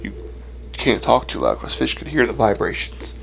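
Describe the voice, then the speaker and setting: Podcast dude telling childhood stories, voice jumps all over, acts out quotes, laughs a lot. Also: male voice, lowish voice, a little fast, vocal fry, a little hiss or hum. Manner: animated storyteller who acts out quotes and laughs. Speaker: co-host. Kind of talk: casual podcast chat.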